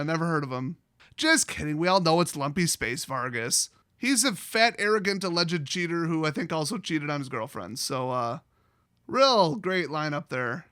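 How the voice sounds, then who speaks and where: An American man ranting sarcastically as host of a commentary video, mocking and animated. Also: a little high, no room sound, clean studio sound. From United States.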